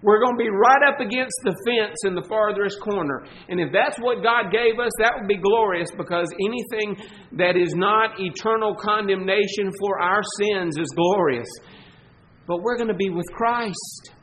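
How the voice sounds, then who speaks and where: Man, pastor, Southern US accent, high voice, emphatic sermon delivery, loud and soft swings. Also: a little hiss or hum, low-quality recording. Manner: emphatic preaching, swelling and dropping in volume, slow stressed words.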